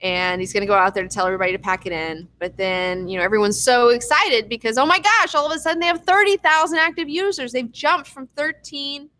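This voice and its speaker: A woman hosting a casual TV episode recap, rambling, excitable and swearing freely. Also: fairly high pitch, fast talker, hardly any pauses. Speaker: TV recap host.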